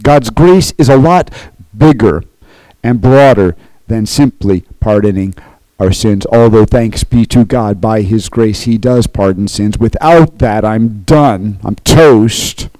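Man preaching slow and earnest, mellow dark voice, dry sound. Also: lowish voice, no room sound, low-quality recording. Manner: earnest, preacherly, frequent "okay?" check-ins. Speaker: pastor. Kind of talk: sermon.

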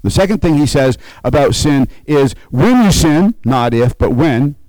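A man preaching a conversational sermon, slowing and rising to stress key points and checking in with his listeners. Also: mid-range voice, animated, a little mellow, dry recording, low-quality recording. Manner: conversational preaching, frequent "okay?" check-ins. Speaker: pastor.

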